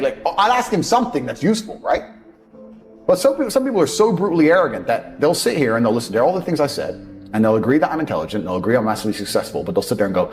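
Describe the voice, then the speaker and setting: A man's voice: medium pitch, big pitch swings, racing. A man gives a blunt, profane motivational speech and mocks people's excuses. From England. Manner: mocks others by acting out their excuses. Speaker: motivational speaker. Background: faint background music.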